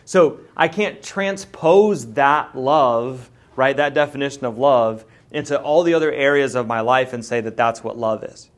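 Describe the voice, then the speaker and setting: A man, preaching a sermon in a relaxed, joking, storytelling way. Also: mid-range voice, a little slow, hardly any pauses. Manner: conversational and storytelling, with lively jokes and asides. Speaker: pastor.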